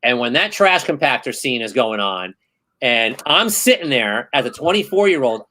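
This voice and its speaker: A man in his thirties hosting a casual podcast chat, telling stories in an animated, excitable way. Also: medium pitch, moderate pace, low-quality recording. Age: 30s. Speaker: host.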